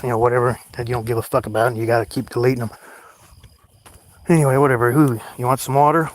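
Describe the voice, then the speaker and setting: A medium-pitched man from Oklahoma livestreams a late-night walk through a cemetery, talking into a handheld phone over a noisy background. He rambles, swears, and pokes fun at himself while addressing his viewers.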